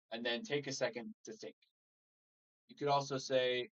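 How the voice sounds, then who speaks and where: Relaxed male English teacher, lo-fi sound. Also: medium pitch, normal speed. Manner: relaxed explaining with example phrases, frequent "so" and "all right". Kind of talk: live online English lesson.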